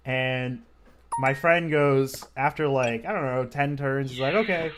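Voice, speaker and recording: A man's voice: mid-range voice, steady tone, measured pace, background noise. A man commentating on a card game match, talking casually and rambling through stories with lots of filler words. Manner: rambling, filler-heavy storytelling.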